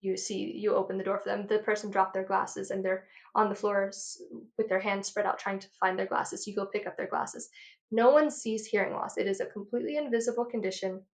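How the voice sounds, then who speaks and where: A woman in her thirties, an audiologist, talking passionately and quickly in an interview, a bit out of breath. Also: medium pitch, fairly even intonation. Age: 30s. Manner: passionate, rapid lecturing. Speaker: audiologist guest. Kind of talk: enthusiastic interview talk.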